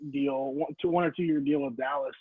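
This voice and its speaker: A man's voice: mid-range voice, fairly even intonation, normal speed, slightly rough, no echo. A man co-hosting a sports podcast, chiming in with laid-back, agreeing casual talk. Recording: tinny phone-like dry sound.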